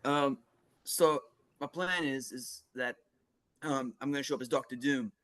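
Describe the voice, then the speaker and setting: A man guest chatting casually on a video call, rambling with halting restarts. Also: mid-range voice, a bit bright. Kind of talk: casual chat.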